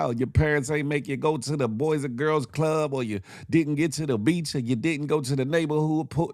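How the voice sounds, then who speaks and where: A man hosting a casual morning show, animated and joking, laughing often as he comments. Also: mid-range voice, no echo, clean studio sound.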